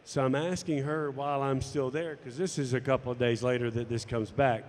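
A man's voice: mid-range voice, fairly even intonation, a little fast, darkish tone, in a large hall, a little hiss or hum. A man telling a personal story to camera, acting out the dialogue as he goes. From United States. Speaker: golf instructor and former tour pro.

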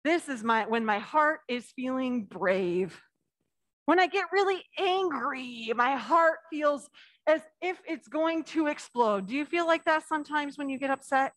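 A woman pastor giving a children's message in church, chatting playfully with the kids and reading a picture book slowly with lively emphasis. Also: high-pitched, no echo. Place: church sanctuary.

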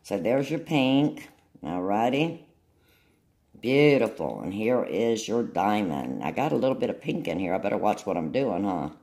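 A woman with an unusually deep, low voice and a drawl walks through a nail demonstration. She talks in a chatty, homey way and keeps pausing to check in with her viewers. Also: big pitch swings, a little mellow. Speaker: nail tutorial host. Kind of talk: casual demonstration tutorial.

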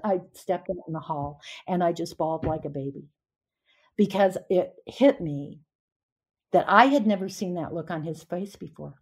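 A woman in her sixties, a union leader and former teacher, telling lively stories in a podcast interview and acting out the voices of the people in them. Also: lowish voice, normal speed. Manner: animated storyteller acting out voices.

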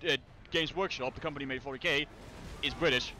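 Stammering, bright-voiced gaming streamer man. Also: mid-range voice, steady tone, slight background noise. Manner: stammering, swearing, quick repetitions. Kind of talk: casual gaming chat with friends.

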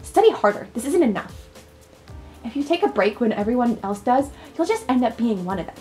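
A woman's voice: on the high side, sing-song, a little fast, a little mellow, soft background music. A woman voicing a strict, cold middle-aged mother who speaks in a stern, scolding way.

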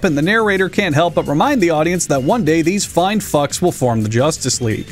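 A man's voice: a little high, expressive, a little fast, hardly any pauses, a little hiss or hum. A man giving sarcastic, profane comedic commentary as a comic reviewer, mocking the story and playing characters in silly parody voices.

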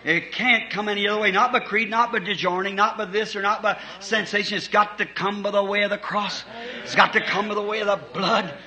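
Fervent high-voiced preacher man. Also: fairly even intonation, brisk. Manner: fervent, rising to shouts, then dropping soft for stories. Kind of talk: sermon.

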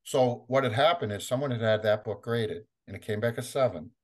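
The speaker, a comic collector appearing as an interview guest, is a middle-aged man with a medium-pitched, brisk voice. He tells his story with energy, laughs a lot, and acts out the voices of other people.

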